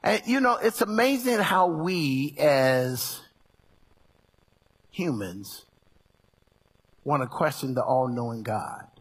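Very husky, animated male preacher. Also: slow, long pauses. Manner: animated, conversational preaching, swinging from low murmurs to shouts; folksy and colloquial. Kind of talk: sermon.

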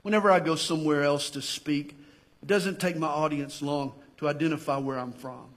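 A male pastor with a Southern US accent, preaching a sermon with passion that swells to near-shouts. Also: on the high side, fairly even intonation, a little fast.

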